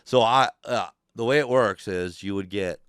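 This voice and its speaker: A man hosting a podcast, telling a story in animated, profane, casual talk and acting out the voices of people in it. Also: lowish voice, normal speed, clear, resonant tone, dry recording, clean studio sound. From California. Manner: animated, swears constantly, acts out voices in his stories. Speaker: podcast host. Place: podcast studio.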